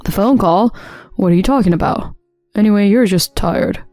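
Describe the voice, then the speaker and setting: A woman voicing a nervous, scheming husband who stammers and talks defensively, with a warm, mellow tone. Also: mid-range voice, moderate pace, dry recording, faint music behind, natural voice.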